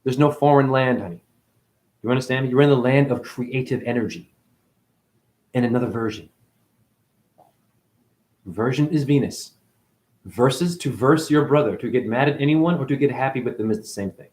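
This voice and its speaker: A man's voice: mid-range voice, normal speed, long pauses, darkish tone. A man giving a spiritual monologue as a teacher, preachy and profane, firing one rhetorical question after another.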